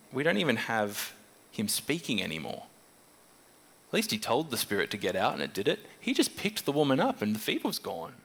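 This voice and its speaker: A man preaching a sermon in a conversational, animated way, jumping up in pitch when he voices questions. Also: vocal fry. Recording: long hall reverb.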